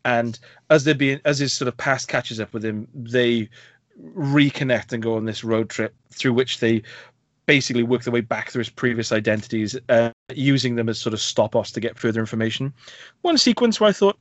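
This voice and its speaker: A man's voice: mid-range voice, no room sound. Podcast co-host, British male, chatty and wry, dry dull lo-fi recording. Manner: chatty, quick asides, self-deprecating humour. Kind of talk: casual film review chat.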